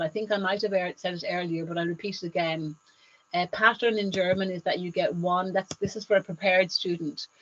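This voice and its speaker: A woman's voice: on the low side, dull audio. A woman, teaching German online in an upbeat exam-prep lesson and switching between German and English.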